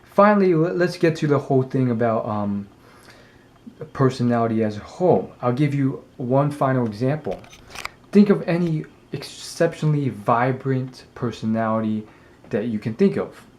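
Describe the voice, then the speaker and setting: A man's voice: mid-range voice, lively intonation, normal speed, a little mellow. A man vlogging, talking to camera in a casual, rambling way with many hesitations and fillers. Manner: rambling, hesitant, lots of ums.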